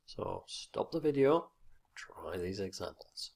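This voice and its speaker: A man explaining a teaching point in an instructional video lesson, speaking deliberately with fillers and repeating example words with exaggerated stress. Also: low voice, sing-song, creaky, a little mellow. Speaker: teacher trainer.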